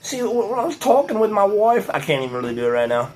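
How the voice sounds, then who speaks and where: A man's voice: sits high, very animated, fast, a little mellow, slight background noise. A young man rambling playfully in a casual video monologue. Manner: playful, drifts into pep talk. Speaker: vlogger.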